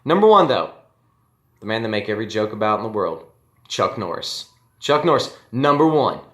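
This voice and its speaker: A man's voice: lowish voice, sing-song, moderate pace, a bit bright, reverberant. A man hosting a casual fantasy baseball league recap, brash and joking, talking straight to his league mates and swearing freely. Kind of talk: casual solo commentary.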